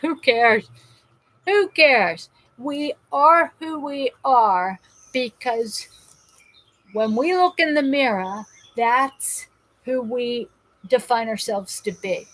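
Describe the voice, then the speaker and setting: A woman's voice: a little high, animated, slow, a bit bright, no room sound, rough recording. A woman from New Jersey hosting a live stream, chatting casually, reading out viewer comments and rambling through stories with frequent restarts while in pain. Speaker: host of a live call-in show.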